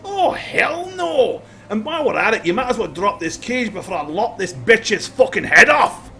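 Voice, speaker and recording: A man's voice: a little high, a little slow, creaky, pushed and bright, slight background noise, full character voice. A man voicing a bitter, defiant male prisoner warrior who blusters and threatens with an axe. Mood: furious.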